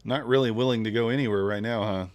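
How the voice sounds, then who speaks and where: A man's voice: lowish voice, fairly even intonation, fast talker. A man trading live on a stream, thinking aloud in a laid-back, casual way and chatting with his viewers. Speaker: futures trader streaming live.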